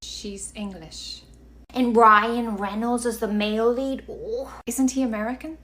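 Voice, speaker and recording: A woman's voice: a little high, steady tone, fairly bright tone. A woman with an Irish accent acting out both sides of an audition sketch, an Irish actress and a pushy casting director. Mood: mocking. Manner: switches between two characters in quick exchanges. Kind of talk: comedy sketch from a short video.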